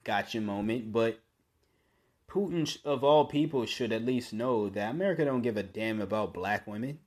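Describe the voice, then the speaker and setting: A man hosting his own podcast, speaking in a blunt, opinionated monologue that often restarts mid-sentence and rises into forceful bursts. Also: fairly low pitch, normal speed. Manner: conversational with frequent restarts. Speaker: podcast host.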